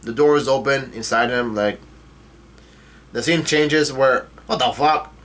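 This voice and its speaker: A man casually reading a manga chapter aloud, talking quickly with fillers and restarts and cursing in disbelief at twists. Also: medium pitch, fairly bright tone. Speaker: manga reader and reactor. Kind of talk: casual read-through with reactions.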